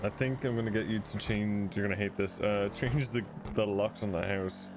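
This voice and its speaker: Low-voiced man, casual roleplay banter. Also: fairly even intonation, normal speed, background noise. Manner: casual, hesitant, swears offhandedly. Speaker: streamer playing a roleplay character. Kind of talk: in-character roleplay chat.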